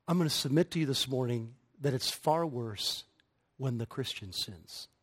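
A middle-aged man preaching a sermon, emphatic and building to forceful peaks. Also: mid-range voice, normal speed, slightly rough. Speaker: pastor.

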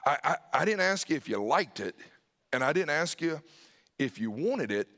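A man's voice: medium pitch, lively intonation, brisk, a bit bright, in a large hall. A middle-aged man preaching a sermon as a pastor, telling a family story, acting out the dialogue, and sometimes dropping to a whisper.

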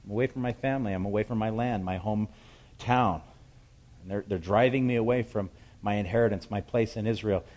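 A man's voice: lowish voice, fairly quick. A man preaching a sermon, retelling scripture and acting out its voices. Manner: acts out scripture voices, shouting the calls across the hills.

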